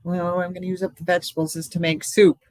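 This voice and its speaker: A woman's voice: on the low side, flat delivery, fast, darkish tone, no echo. Older woman, casual livestream host, rambling chat, frequent laughs, dry room. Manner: rambling and chatty, laughs often. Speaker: live stream host. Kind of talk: casual live stream chat.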